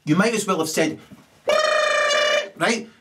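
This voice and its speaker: A man's voice: takes it slowly, a bit bright, soft background music. Ranting sweary man. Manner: ranting, sweary, keeps asking "right?", big swings in pitch. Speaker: video ranter. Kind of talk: angry profane monologue.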